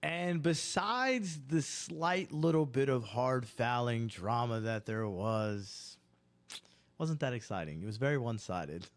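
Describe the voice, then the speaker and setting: A man's voice: medium pitch, animated, a little slow. Dude hosting a sports podcast, middle voice, rambly and cussing a lot when he gets fired up. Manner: profane, ranting, worked up; rambling, self-interrupting. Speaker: podcast host. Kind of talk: unscripted sports banter.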